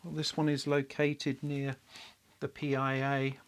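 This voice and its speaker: A man talking half to himself at an electronics workbench, mid-pitched and unhurried. He mutters as he checks parts and searches for things, with a wry, self-deprecating edge. It sounds like a live build stream with thinking aloud. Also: completely flat delivery, clean tone. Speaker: electronics hobbyist host.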